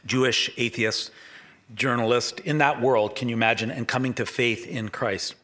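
A man's voice: mid-range voice, steady tone, normal speed, bright, forceful tone. A middle-aged man from Canada preaching a sermon in a loose, rambling, conversational way, often restarting his sentences. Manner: rambling, self-correcting, conversational. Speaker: pastor.

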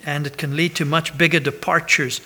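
A man's voice: fairly high pitch, little pitch movement, brisk, pushed and bright. A man preaching a sermon, chatty and pastoral, with self-deprecating asides and a habit of tagging 'right?'. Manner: pastoral, announcement-style.

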